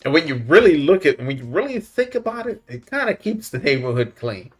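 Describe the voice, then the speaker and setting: A man's voice: fairly high pitch, very animated, a little fast, husky, faint music behind. A man, hosting a casual livestream, reading the chat in a laid-back way, chuckling often and calling people "man" and "buddy". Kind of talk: casual live-stream chat.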